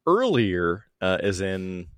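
A middle-aged man who works as a radio DJ and weatherman guests on a podcast, chatting casually in a playful, jokey way and breaking into mock voices. His voice sits low and is very animated, though his pace is slow. The recording is dry.

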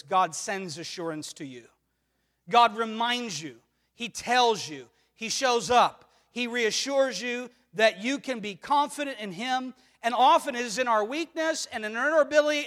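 A man's voice: extremely high pitch, pushed and bright. A man preaching a sermon with earnest rhetorical questions, his volume swelling and dropping. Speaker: pastor. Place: church sanctuary. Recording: long reverb of a church hall.

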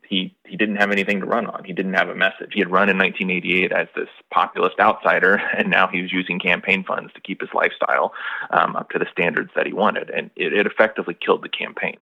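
A man, a journalist and author, giving interview commentary briskly with some restarts. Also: low-pitched, creaky, sharp tone, breathy edge. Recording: dull lo-fi recording.

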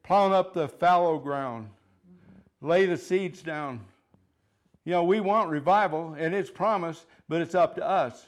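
A man's voice: a little high, measured pace. Fervent man preaching a sermon. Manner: fervent, rising and falling in loudness, chuckles between points; repeats phrases for emphasis.

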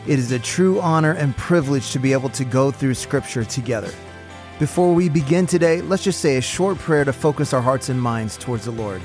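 A man's voice: medium pitch, fairly quick. A man hosting a church podcast, giving a welcome and then an earnest spoken prayer. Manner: earnest, reverent. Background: soft guitar music.

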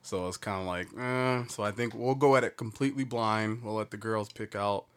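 Low-voiced man trading jokes. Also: normal speed, a bit bright, clean tone. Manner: loose, laughing, swears casually. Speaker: podcast co-host. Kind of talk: casual joke-telling chat.

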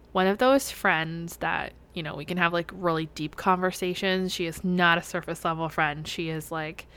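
Candid chatty woman, low-ish voice. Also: a bit bright. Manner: candid, chatty, heavy use of "like". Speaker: podcast host. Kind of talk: solo podcast confessional chat.

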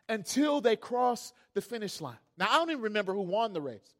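Male pastor, high-pitched, sermon delivery that moves from hushed to loud and fervent. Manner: storytelling preacher, builds to loud climaxes.

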